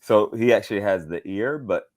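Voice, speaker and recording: A middle-aged man from the American South, a voice actor telling animated stories in a casual interview. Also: normal speed. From Southern United States, Georgia. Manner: animated storyteller, leaps up high when quoting people. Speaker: voice actor guest.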